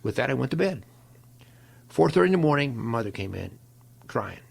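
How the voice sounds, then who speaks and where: An older man from Ohio, a guest on an interview show, telling stories in an animated way and acting out the voices of people he quotes. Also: medium pitch, a little fast, gravelly, husky. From Ohio, USA. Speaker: guest, longtime football equipment manager. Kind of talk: storytelling interview.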